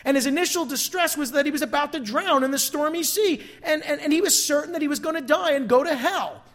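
A pastor preaching a sermon to a congregation in an animated way. The pastor acts out quoted lines in dramatic voices and repeats words while building a point. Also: high voice, fast talker.

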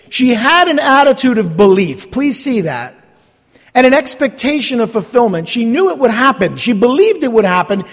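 High, lively preaching man in a hall. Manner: emphatic preaching, repeats key phrases, asks the congregation questions. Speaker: pastor. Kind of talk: sermon.

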